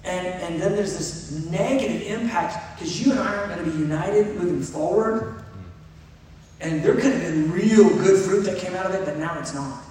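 A middle-aged pastor preaching in a relaxed, conversational way, as if chatting with his congregation. His voice sits a little high for a man. It comes from far off the mic in a big, echoing church hall with faint noise behind. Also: moderate pace. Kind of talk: sermon.

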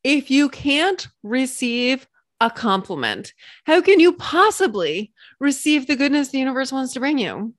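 A woman hosting a solo podcast as a coach, bubbly and animated with playful exclamations. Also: high voice, unhurried, dry recording, studio quality.

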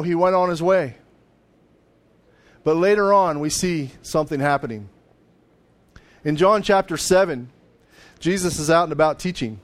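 A man preaching a sermon in a conversational way, sometimes acting out voices of the people in the story. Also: high voice. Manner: conversational, acts out voices of biblical figures, with laughs. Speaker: pastor.

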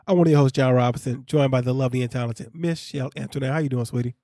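A man hosting a casual recap podcast, talking in an animated way, laughing and quoting people as he tells the story. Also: mid-range voice, very fast, no room sound, studio quality. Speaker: podcast host.

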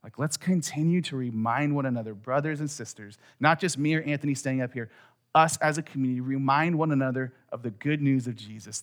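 A middle-aged man preaching a sermon as a pastor in a conversational way, dropping quiet and then rising to loud emphasis. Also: mid-range voice.

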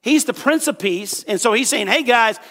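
A man's voice: high voice, lively intonation, normal speed, vocal fry, a bit bright, big-room sound. A man preaching a sermon as a pastor, telling the story casually with jokes and lots of fillers.

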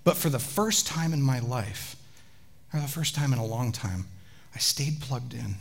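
A man, a pastor, preaching a sermon with animated storytelling and chatty asides to the congregation. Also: mid-range voice, measured pace, creaky.

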